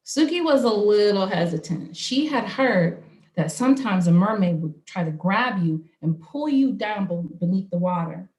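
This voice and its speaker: A woman from Arizona telling a story at a live online storytelling event, slow, expressive and rhythmic. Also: mid-range voice, echoey room. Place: home, online stream.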